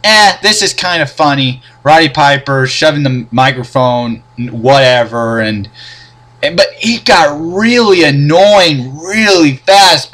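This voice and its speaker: A man's voice: a little high, a bit bright. A young man giving a casual, profane, sarcastic rant reviewing old wrestling matches.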